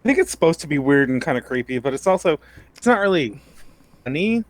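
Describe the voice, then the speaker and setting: A man's voice: a little high, very animated, fast talker, no echo. Man giving hedged opinions on a podcast. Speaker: podcast co-host. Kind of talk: casual anime discussion.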